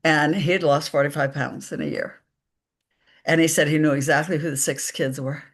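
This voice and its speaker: A woman, a psychic medium guest, telling stories slowly and emphatically in a live conversation, acting out the dialogue. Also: low-pitched. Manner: slow, emphatic storytelling with quoted dialogue.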